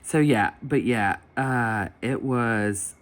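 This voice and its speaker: A woman's voice: extremely low pitch, slow. A woman vlogger chatting at her home desk, animatedly retelling an embarrassing story and acting out the people in it. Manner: chatty, animated retelling with quoted voices and laughter. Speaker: planner vlogger. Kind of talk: casual storytelling while planning. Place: home desk with dogs nearby.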